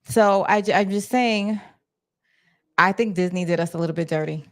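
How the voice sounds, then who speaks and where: At a moderate pace and mid-range pitch, a livestream host from New York talks casually to viewers from her office in her New York accent. She engages her chat directly, often restarting and using fillers.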